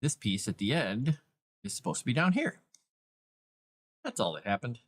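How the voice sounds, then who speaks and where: An author hosts a casual live stream, thinking aloud as he works and chatting with viewers and his cat. His voice is medium in pitch and sing-song, at a moderate pace.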